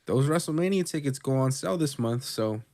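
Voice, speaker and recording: Profane, excitable male podcast co-host. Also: mid-range voice, brisk. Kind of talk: casual wrestling recap chat.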